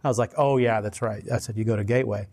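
A man's voice: fairly low pitch, fairly even intonation, quick pace, a little mellow. Man preaching a rambling, casual sermon. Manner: rambling, conversational, many restarts, laughs at himself. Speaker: pastor.

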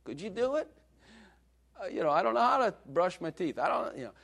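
A man's voice: high voice, big pitch swings, brisk, gravelly, fairly bright tone, voice pushed up, exaggerated voice. A man voicing a small child who pleads with a parent for help, in a thin, pleading tone. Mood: helpless.

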